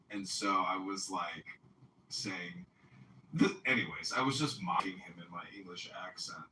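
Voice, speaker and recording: A man hosting a casual political talk stream, telling stories in an animated, profane way. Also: fairly low pitch, far from the mic. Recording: echoey room, off mic, faint noise.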